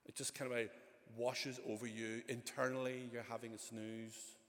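Conversational preacher in a ringing hall. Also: male voice, medium pitch, level tone, moderate pace, fairly bright tone. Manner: conversational, with frequent asides and restarts. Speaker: pastor. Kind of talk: sermon. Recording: long church reverb.

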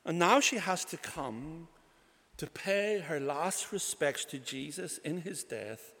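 A man's voice: on the high side, animated, measured pace, pushed and bright, in a large hall. A man preaching a sermon, retelling a scripture story earnestly with emphatic repetition.

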